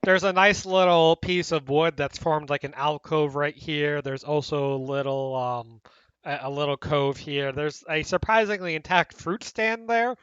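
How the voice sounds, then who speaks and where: Bright-voiced male game master. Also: on the high side, a little slow, clear, resonant tone, no echo, highs cut off. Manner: descriptive, upbeat, explains rules. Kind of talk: narrating a tabletop game.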